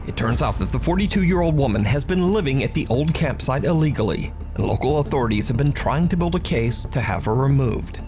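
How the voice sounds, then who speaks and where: A man delivers scripted narration in a steady, measured way. His voice sits mid-range, and loud background music plays under him throughout. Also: mid-range voice. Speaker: narrator of a countdown video.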